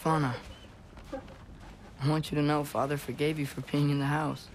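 An actor playing an earnest teenage boy in a video game, talking gently and soothingly to his animals. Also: fairly high pitch, level tone, moderate pace, slight background noise, natural voice. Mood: tender.

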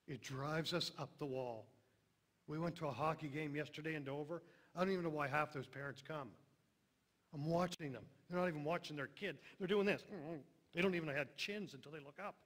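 A middle-aged man preaching a sermon, emphatic, then dropping to a hushed voice on tender lines. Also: a little high, a little fast.

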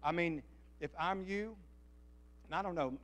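A man's voice: fairly high pitch, measured pace, fairly bright tone. A man preaching a fervent sermon as pastor, calling out to the congregation for responses. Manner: fervent, calls for audience response.

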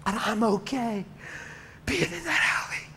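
A man preaching a sermon as he tells a story, dropping to a hush and rising to a shout. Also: extremely high pitch, expressive, measured pace, gravelly, noisy background.

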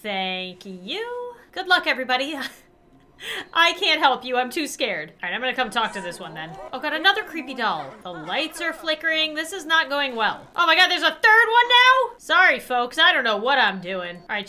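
Young female gaming host, bright and animated, quick playful reactions. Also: high voice. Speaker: gaming YouTuber. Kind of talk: let's play commentary.

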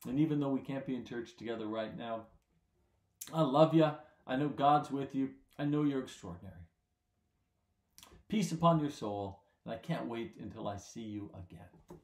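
A man, a pastor, giving a children's sermon in gentle, simple words, checking in with his listeners. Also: mid-range voice, moderate pace, echoey room.

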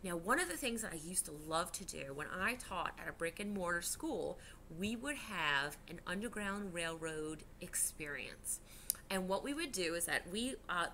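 A woman's voice: medium pitch, sharp tone, a little hiss or hum. A woman, a teacher giving a chatty history lesson to children from home, with many fillers and restarts.

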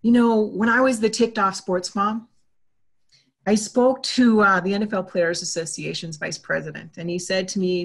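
A woman talks at length as an interview guest. Her voice sits at an ordinary middle pitch. She is animated and chatty, and she acts out the exchanges she retells. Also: normal speed, creaky. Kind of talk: casual interview talk.

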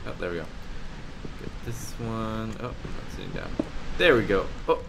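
A man's voice: lowish voice, very animated, moderate pace, vocal fry, background noise. Rambling man narrating his gameplay. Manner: rambling, chatty, many fillers and restarts. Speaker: gaming YouTuber. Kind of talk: casual let's-play commentary.

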